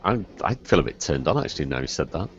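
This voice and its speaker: A man from the Wirral with a softened Liverpool accent, rambling and swearing freely as a casual podcast host. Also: very deep voice, big pitch swings, fast talker, heavy background noise. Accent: Wirral Liverpool English. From the Wirral, England. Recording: dull lo-fi podcast audio.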